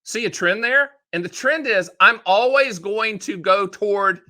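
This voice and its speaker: A man hosting his own show about annuities, explaining in a casual, folksy way with joking asides and quick put-on voices. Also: high-pitched, sharp tone. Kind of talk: casual direct-to-camera explainer.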